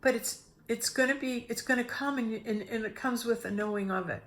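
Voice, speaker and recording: A middle-aged woman giving a casual spiritual talk, telling a personal story with lively restarts and acted-out inner voices. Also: on the high side, brisk. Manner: animated, restarts often, acts out her own inner voices. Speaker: spiritual speaker.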